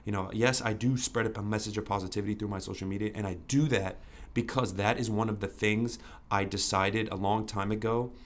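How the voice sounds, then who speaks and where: Brief young man, low-pitched, earnest podcast guest, candid storytelling. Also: steady tone, fairly quick, hardly any pauses. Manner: earnest, restarts often, fillers like "you know".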